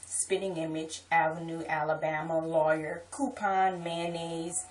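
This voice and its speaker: A woman's voice: sits low, flat delivery, distant mic, poor audio. A woman from New Orleans with a New Orleans accent, chatting casually through a list of words for an accent tag video, with an "um" before most of them. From New Orleans, Louisiana. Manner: unhurried, slips in "um" before each word. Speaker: vlogger.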